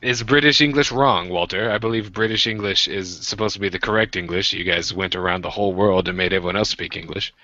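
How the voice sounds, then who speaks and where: A man's voice: deep voice, fast talker, hardly any pauses, pushed and bright, no room sound, lo-fi sound. A man from the United States hosting a livestream, joking and rambling in casual group chat. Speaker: livestream host.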